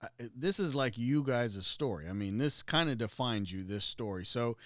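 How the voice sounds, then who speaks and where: A man's voice: medium pitch, expressive, moderate pace, no echo. A man hosting a podcast interview in a studio, asking loose, rambling questions. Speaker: podcast host. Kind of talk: casual interview.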